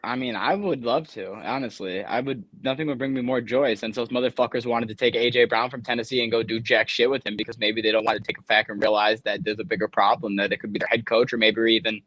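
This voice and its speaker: A man's voice: medium pitch, fairly even intonation, quick pace, few pauses, fairly bright tone, no echo, rough recording. A man co-hosting a sports podcast, ranting casually with heavy swearing and sarcasm. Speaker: podcast co-host.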